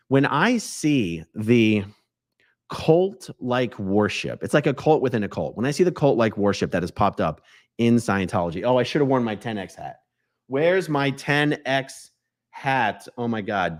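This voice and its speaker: A man hosting a commentary video, talking in an animated, joking way with digressions. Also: medium pitch, no echo, studio quality. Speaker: host.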